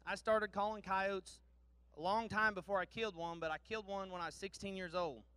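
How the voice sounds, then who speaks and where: A man's voice: high-pitched, steady tone, fairly quick, pushed and bright, clean tone, dry recording. A man in his thirties from Missouri giving a folksy, joking speech to an audience at an awards ceremony. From Missouri, USA. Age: 30s. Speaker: guest speaker presenting awards.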